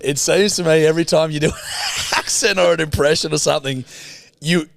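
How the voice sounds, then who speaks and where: A man's voice: on the high side, steady tone, fairly quick, vocal fry, a bit bright, no echo. A man co-hosting a podcast in casual chat, teasing and swearing freely. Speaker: podcast co-host.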